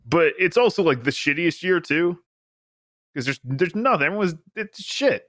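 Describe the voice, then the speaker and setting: Bright, offhand man chatting casually. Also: a little high, lively intonation, normal speed, no room sound, clean studio sound. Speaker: podcast regular. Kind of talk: casual chat.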